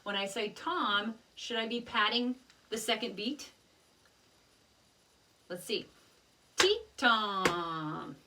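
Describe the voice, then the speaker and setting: A woman's voice: mid-range voice, animated, extremely slow, long pauses, pushed and bright, recorded from a distance. A woman teaching a children's music lesson, patiently explaining rhythms step by step and chanting rhythm syllables.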